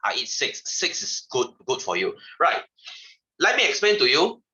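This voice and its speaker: A man's voice: medium pitch, wildly swooping pitch, normal speed, bright, forceful tone, lo-fi sound. A man giving a chatty science lesson to his class, asking questions and repeating himself. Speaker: science teacher. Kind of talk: classroom lecture.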